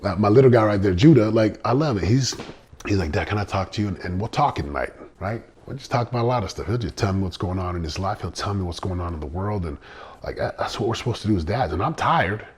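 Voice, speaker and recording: A man's voice: fairly low pitch, lively intonation, fast, a little mellow, a little hiss or hum. A middle-aged man hosting a motivational podcast, talking earnestly and repeating phrases for emphasis. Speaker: podcast host.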